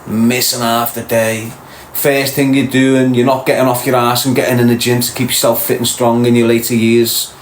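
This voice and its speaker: A man's voice: mid-range voice, level tone, moderate pace, slight background noise. Blunt Scouse man lecturing in an echoey room. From Liverpool, England. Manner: blunt, preachy, lectures viewers directly. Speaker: podcast host. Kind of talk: live-stream monologue to viewers.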